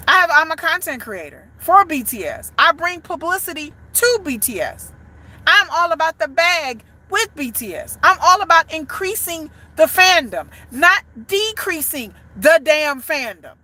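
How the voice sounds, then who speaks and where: A woman with a high, bright and forceful voice delivers ranting commentary as a content creator. She is blunt and emphatic and curses freely. Her delivery leans into every point. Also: animated, moderate pace. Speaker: fan content creator for a band.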